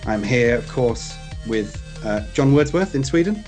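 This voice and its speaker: A man's voice: mid-range voice, expressive, a little slow, over music. A man hosting a casual podcast from home, joking about himself and laughing often as he chats with two friends. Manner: jokey, self-deprecating, laughs often. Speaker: podcast host. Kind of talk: casual chat.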